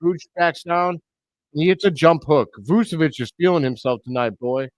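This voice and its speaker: A man hosting a live reaction stream, giving blunt, excitable play-by-play commentary with loud outbursts. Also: fairly high pitch, normal speed, no room sound. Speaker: host of a fan reaction stream.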